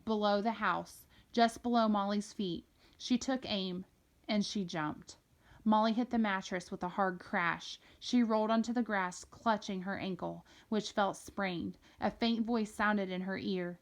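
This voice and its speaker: A woman reads a novel aloud in a steady, expressive storytelling voice. She carries the narration at an even pitch, neither high nor low. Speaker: reader.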